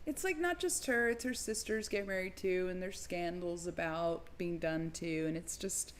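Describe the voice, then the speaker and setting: A woman co-hosting a casual live-streamed chat, talkative and quick to laugh. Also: on the low side, a little hiss or hum. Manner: chatty, laughs often, drawn-out phrasing. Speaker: co-host. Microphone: streaming mic.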